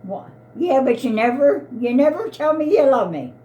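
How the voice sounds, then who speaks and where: A woman's voice: high-pitched, sing-song, normal speed, mellow, lo-fi sound. Upset woman in her eighties. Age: 80s. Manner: upset, pleading and repetitive. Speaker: elderly mother. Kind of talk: heated family argument.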